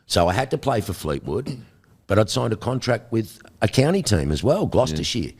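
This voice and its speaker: Deep-voiced Australian man telling stories. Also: moderate pace, husky. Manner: animated storyteller, acts out quoted voices. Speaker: guest. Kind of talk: storytelling interview.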